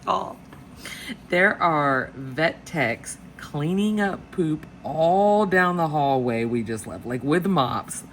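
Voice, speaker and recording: Woman, very deep voice, animated casual storyteller, home desk recording with faint hiss. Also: takes it slowly. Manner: chatty, animated retelling with quoted voices and laughter. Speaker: planner vlogger. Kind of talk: casual storytelling while planning. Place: home desk with dogs nearby.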